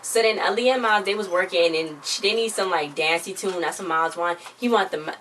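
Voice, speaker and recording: A woman's voice: fairly low pitch, brisk, fairly bright tone, far from the mic, low-quality recording. A woman giving a casual, rambling recap of a TV episode, retelling scenes with lots of "she was like.". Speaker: TV show reviewer. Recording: voice a bit off-mic with faint background noise.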